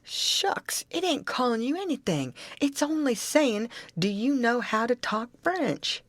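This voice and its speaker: A woman's voice: high voice, very animated, unhurried, no echo, voice pushed up. A woman reading an audiobook, voicing a clever young boy who explains things plainly and patiently. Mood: explaining.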